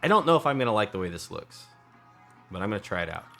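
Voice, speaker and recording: A man's voice: fairly low pitch, very animated, quick pace, creaky, fairly bright tone, soft background music. A man in his thirties thinking aloud as he builds in a game, casual and chatty. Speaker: let's play host. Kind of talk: casual gameplay commentary.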